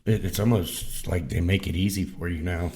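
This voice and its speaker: A man's voice: low-pitched, steady tone, normal speed, mellow, a little hiss or hum. A man co-hosting a podcast in laid-back, joking casual chat with a friend, swearing casually. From Cincinnati area. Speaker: podcast co-host.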